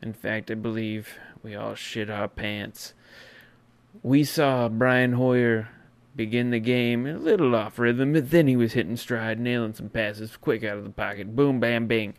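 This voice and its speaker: Slow, dramatic sports-ranting man. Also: medium pitch. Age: 30s. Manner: dramatic, swings from shouting to hushed. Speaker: podcast segment host. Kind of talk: comedic sports rant.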